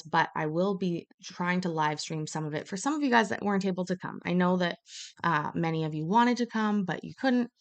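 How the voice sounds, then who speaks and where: A woman live streaming from a hotel room, telling stories in a blunt, profane, casual chat. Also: lowish voice.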